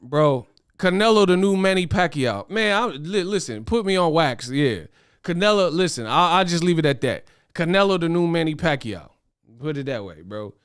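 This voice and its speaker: A young man hosting a boxing commentary livestream, talking fast in slang, excitable and laughing as he reads viewer chat. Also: on the high side, smooth, no room sound, clean studio sound. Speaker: boxing commentary show host.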